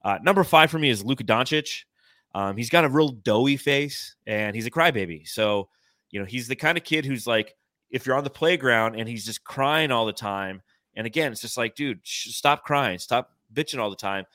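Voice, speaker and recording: A man hosts a casual sports podcast, his voice bright and forceful. He jokes bluntly, swears freely and reads out viewer comments from a live chat, heard close and dry. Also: mid-range voice, lively intonation, moderate pace, dry recording. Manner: joking, profane and blunt. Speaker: podcast host.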